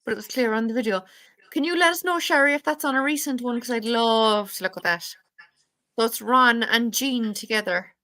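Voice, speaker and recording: A woman's voice: a little high, moderate pace, sharp tone. A woman hosting a casual live stream, reading out viewer comments and chatting. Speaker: host.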